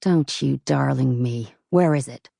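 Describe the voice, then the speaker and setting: A woman voicing a sulky, shady American man, a smuggler, who talks in curt, gruff lines with an American accent. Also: mid-range voice, measured pace, warm tone, no room sound, studio quality. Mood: angry.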